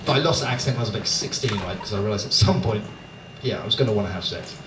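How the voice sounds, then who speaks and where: A man's voice: on the low side, animated, very fast, far from the mic. A man from Dorset doing chatty, profane stand-up with crowd work in a London comedy club, tagging lines with "right?". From Dorset, England. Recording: roomy live club, loud audience noise.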